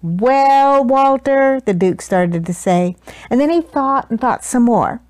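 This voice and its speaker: A woman reading a children's picture book aloud with expressive storytelling. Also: mid-range voice, a little slow, no echo.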